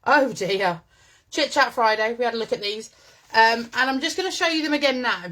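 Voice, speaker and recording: A craft presenter hosts a chatty live-stream demo from home with her dogs, talking into a phone and bubbly as she greets viewers by name. She has a fairly high, sharp voice and talks fast.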